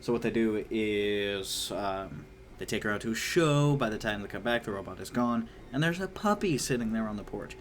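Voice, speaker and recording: A man's voice: fairly low pitch, lively intonation, normal speed, a little hiss or hum. Chatty young man reviewing a book. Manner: chatty, many fillers, acts out characters' lines in a raised voice. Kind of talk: casual spoken book review.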